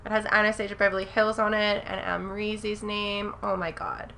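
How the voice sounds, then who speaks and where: A young woman reviewing makeup on camera in a casual, gushing way, often gasping in excitement. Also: medium pitch, moderate pace, slight background noise. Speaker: beauty vlogger.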